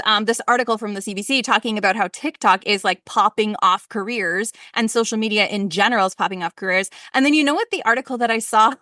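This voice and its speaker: Bright, upbeat woman podcast host. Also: medium pitch, no echo, studio quality. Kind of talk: casual interview chat.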